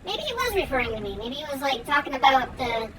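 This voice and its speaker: A woman's voice: high voice, very animated, fast talker, noisy background. A woman streaming a game, chatting casually and giggly as she plays. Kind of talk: casual gameplay commentary. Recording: game music playing underneath. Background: game music.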